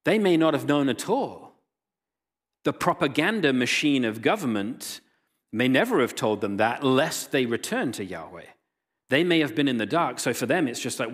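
A man delivering a sermon in a mid-range voice. He moves between retelling a scripture story with animated quoted lines and reading the passage aloud. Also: medium pitch, moderate pace. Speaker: pastor.

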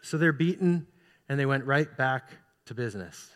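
A man's voice: mid-range voice, lively intonation, normal speed. A man preaching a sermon as pastor, earnestly putting rhetorical questions to his congregation. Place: church sanctuary. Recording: long reverb of a large hall.

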